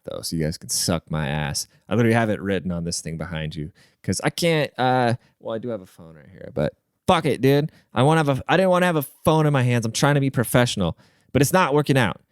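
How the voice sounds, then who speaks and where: A man with a lowish, smooth voice that swings all over as he tells stories, crude and profane, rambling from one tangent to the next. He sounds dry and close, with no room around him. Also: dry recording. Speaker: podcast host. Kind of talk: casual solo podcast rant.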